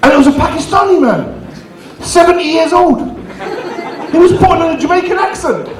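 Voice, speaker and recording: A man's voice: extremely high pitch, noisy background. A man doing live stand-up comedy and bantering with the crowd as compere. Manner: banters with the crowd, quick asides. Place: community venue hall. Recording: echoey hall, distant mic, audience.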